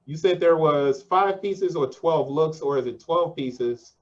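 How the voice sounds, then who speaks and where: A male interview host with a slightly high voice who chats loosely and slangily. His voice comes through a somewhat dull, lo-fi recording. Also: measured pace. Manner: slangy and conversational, says 'yo' and 'man'. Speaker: podcast host. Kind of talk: casual interview.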